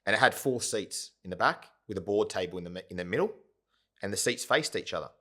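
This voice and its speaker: Guest spot: man, low voice, rambling storyteller, keeps checking in with the listener. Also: animated, fast talker, bright, forceful tone. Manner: rambling, full of "yeah?" and "right?" tags. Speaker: podcast guest, company founder. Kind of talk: casual storytelling interview.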